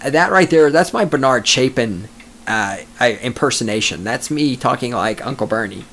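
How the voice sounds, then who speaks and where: A man's voice: mid-range voice, expressive, normal speed, fairly bright tone, slight background noise. A male podcast host reading news stories and mocking them with crude jokes, often breaking into laughter. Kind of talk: sarcastic news commentary.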